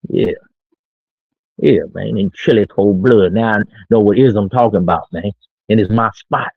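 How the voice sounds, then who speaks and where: A man's voice: on the low side, moderate pace, vocal fry, breathy edge, no room sound. A middle-aged man streaming from his own small studio, talking brash, boastful, slangy street talk in a casual monologue. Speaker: streamer giving dating talk. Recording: tinny phone-like line.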